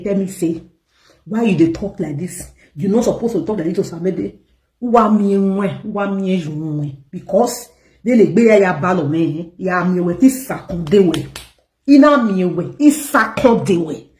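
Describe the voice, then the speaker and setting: A woman's voice: lowish voice, dark tone. A Nigerian woman vlogging to her viewers, telling a story in an emphatic, indignant way. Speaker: gossip vlogger. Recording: echoey room.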